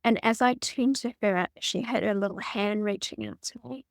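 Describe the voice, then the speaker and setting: A woman's voice: medium pitch, normal speed, gravelly, dry recording, clean studio sound. A middle-aged woman telling her personal story as a podcast guest, earnest and emotionally open. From New Zealand.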